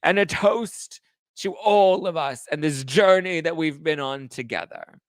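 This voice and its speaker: A man putting on a gushing, theatrical older woman giving a sugary toast, in a higher voice than his own. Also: measured pace, no room sound, close to an everyday voice. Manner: sugary, mock-sincere toasting.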